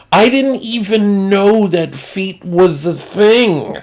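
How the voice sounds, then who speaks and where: This Northeastern US man has a high voice with big swings in pitch and a darkish tone, and he goes slowly with hardly any pauses. His crude comic story rambles and doubles back on itself in a casual, storytelling way.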